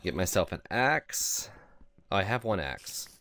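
A man giving casual, excitable let's play commentary over a survival game, yelping and laughing as things go wrong. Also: low voice, a little slow. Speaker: gaming video host.

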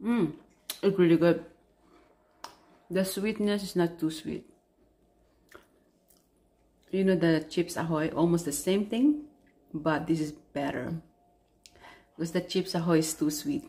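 A woman vlogger chatting casually while she tastes snacks, unhurried and talking between bites. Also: on the low side, dark tone. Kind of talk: casual food-tasting vlog.

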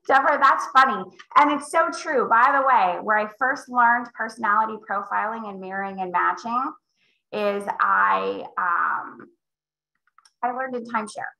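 A woman's voice: on the high side, measured pace, creaky, echoey room, rough recording. A woman in her forties coaching real estate agents in a live online session, acting out little scenes as she teaches. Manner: animated storytelling, acting out dialogue in shifting voices. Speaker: real estate sales trainer.

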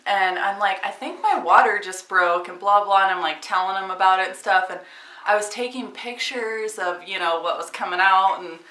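A woman's voice: mid-range voice, steady tone, moderate pace, pushed and bright. A woman vlogger telling a story in a casual, chatty way, with lots of fillers and frequent laughs. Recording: echoey room, from a distance.

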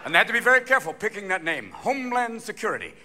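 A man doing live stand-up comedy in a large theater, talking fast and jumping between many put-on voices. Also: high voice, very animated, pushed and bright, a little hiss or hum. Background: audience laughter.

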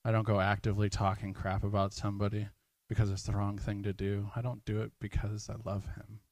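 A man preaching in church with a low, steady voice that barely rises or falls. He talks in an earnest, conversational way. The sound is close and dry. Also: brisk, no room sound. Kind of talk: sermon.

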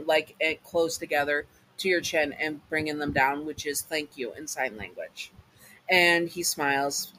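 A man reading a fan fiction comfort story aloud in a casual way, halting often to restart and apologize. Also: fairly high pitch, sharp tone, poor audio.

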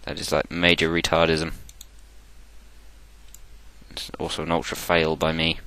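A man from Essex with a deep voice that has a bright, forceful edge. He rambles through gameplay with loose, irreverent commentary. Bits of gravelly fry run through his talk as he mutters to himself. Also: monotone, a little slow. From England. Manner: irreverent, joking, talks to himself. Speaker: gaming channel host.

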